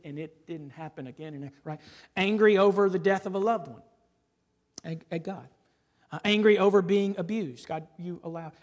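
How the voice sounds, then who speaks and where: A man preaching a sermon as pastor, asking the congregation rhetorical questions and tagging them with "right?", moving between loud emphasis and quiet asides. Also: sits high, big-room sound.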